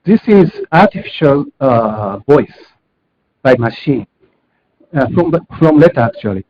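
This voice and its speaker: A man presents technical material at a conference, speaking haltingly and often pausing to correct himself. His voice sits at an average pitch for a man. It comes through as muffled, dull video-call audio. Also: very animated, a little hiss or hum. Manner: hesitant, halting with self-corrections.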